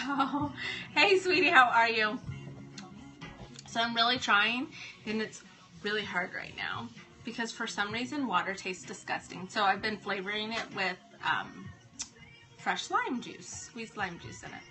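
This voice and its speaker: A woman's voice: a little high, measured pace, music in the background. A woman hosting a casual live stream from home, chatting and greeting viewers by name. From Ohio.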